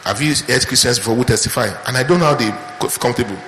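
A man preaching a sermon, asking the audience questions and quoting scripture in a slow, hushed voice. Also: mid-range voice, slight background noise. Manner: rhetorical questions, rising to loud emphatic peaks. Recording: echoey hall with faint ambience.

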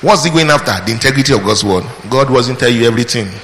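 A man's voice: medium pitch, expressive, quick pace, a bit bright. A man preaching a sermon, emphatic, asking the congregation questions, answering them himself, and calling out praise between points. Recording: long hall reverb with faint background noise.

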